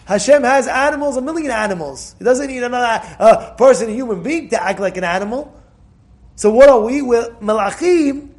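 A man giving a Torah class lecture, emphatic and repetitive, sometimes breaking into loud cries to drive a point home. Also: very high voice, expressive, a little fast. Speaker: Torah teacher.

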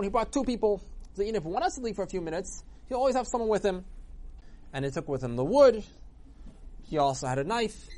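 A man retelling a religious story for children in an animated way, acting out the characters. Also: fairly high pitch.

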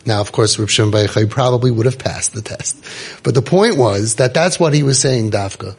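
Gravelly, husky middle-aged man. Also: medium pitch, expressive, moderate pace. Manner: emphatic, storytelling, acts out quoted voices. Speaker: youth program founder and speaker. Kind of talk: informal inspirational talk.

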